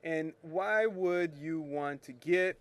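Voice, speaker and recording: Slow-talking chatty man teaching. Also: on the high side. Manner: chatty, rambling, self-correcting, jokey. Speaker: photo retouching show host. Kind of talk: casual screen-share tutorial.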